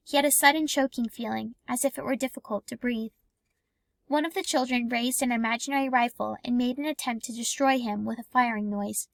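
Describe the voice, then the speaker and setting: A woman's voice: fairly high pitch, creaky, no room sound. Woman reading a story aloud, dry sound. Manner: calm, even storytelling with lightly acted dialogue. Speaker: audiobook reader. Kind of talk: scripted narration.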